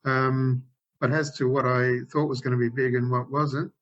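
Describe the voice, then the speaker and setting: Man, 60s, interview guest, rambling storyteller with many restarts, middling pitch, dull video-call audio. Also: little pitch movement, normal speed, a bit bright. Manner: rambling, frequent restarts and self-corrections. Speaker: game developer guest.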